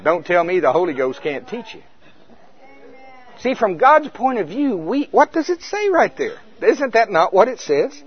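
A man preaching a sermon, telling a vision story with lively swings between loud and hushed delivery, on a dull, dry, lo-fi recording. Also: high-pitched, measured pace.

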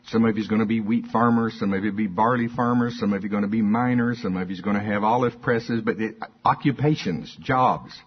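A man's voice: fairly low pitch, fairly quick, few pauses. An older man preaching a sermon in a folksy, conversational way. He repeats his points and draws call-and-response from the congregation. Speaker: pastor. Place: church. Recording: dull lo-fi sermon recording.

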